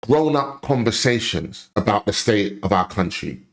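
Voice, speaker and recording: A commentary host with a fairly low, animated voice rants at normal speed in reaction to a clip. He is blunt and impassioned, repeating his points for emphasis as he gives his opinion.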